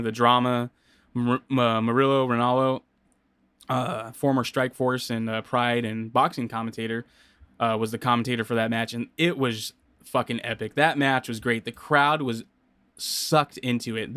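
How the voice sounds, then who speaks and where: A man's voice: mid-range voice, fairly bright tone, clean tone, dry recording. A man hosting a solo podcast, talking casually and rambling with many fillers and restarts. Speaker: podcast host. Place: home studio.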